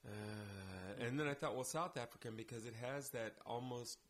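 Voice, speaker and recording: A man in an easygoing podcast conversation, recounting stories from directing plays. He acts out the quoted dialogue with lively energy, and his pitch sits in an ordinary middle range. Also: normal speed. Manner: animated anecdotes, acts out quoted lines. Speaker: guest, theater director. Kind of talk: casual podcast chat, storytelling.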